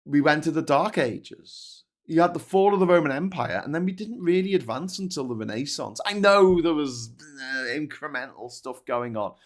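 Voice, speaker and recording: A man's voice: on the high side, animated, normal speed, few pauses. A middle-aged man with a Scouse accent hosting a livestream, ranting angrily and bluntly with heavy swearing, then reading out viewer comments. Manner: angry, profane, blunt. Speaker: host.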